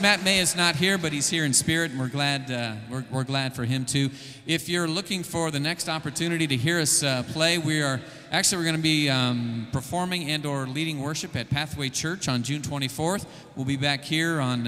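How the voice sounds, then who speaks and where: A man's voice: mid-range voice, bright, forceful tone, in a large hall. A man speaking from a café stage between songs, thanking his band and audience in a casual, hesitant way full of fillers. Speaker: worship musician thanking the audience. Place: live café venue with a PA.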